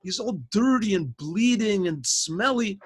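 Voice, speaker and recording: Male rabbi storyteller, a little high and husky, animated and rambling. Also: measured pace. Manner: animated teller, frequent throat clearing and restarts. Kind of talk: spoken storytelling to a class. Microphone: video call.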